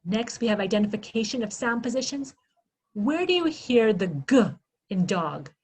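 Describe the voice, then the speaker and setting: Woman presenter with a fairly high voice, teaching early reading and sounding out each phoneme slowly. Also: expressive, a little mellow, husky, low-quality recording. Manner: slow, exaggerated sounding-out of phonemes; asks questions then answers them herself. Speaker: literacy workshop presenter. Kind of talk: instructional presentation.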